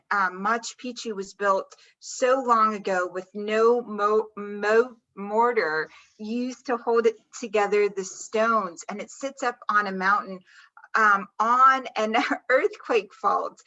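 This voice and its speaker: A woman's voice: a little high, sharp tone, lo-fi sound. A woman hosting an interview, speaking in an effusive, admiring way. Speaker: host.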